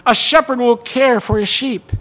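High-voiced, excitable preaching man. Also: moderate pace. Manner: emotional, preaching with sung hymn lines; exclaims praise, apologizes for excitement. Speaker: guest preacher. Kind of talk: sermon. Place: church before a congregation.

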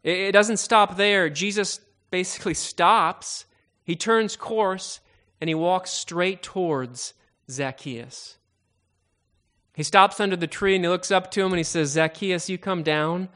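Male preacher, a touch high-voiced, telling a Bible story with drama and many stammered restarts. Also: measured pace, sharp tone. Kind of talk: sermon storytelling.

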